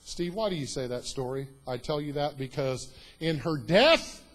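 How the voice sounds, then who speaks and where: Husky-voiced man preaching a sermon. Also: a little high, expressive, moderate pace, rough recording. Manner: swings from hushed to loud, emphatic preaching. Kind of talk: sermon storytelling. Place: church.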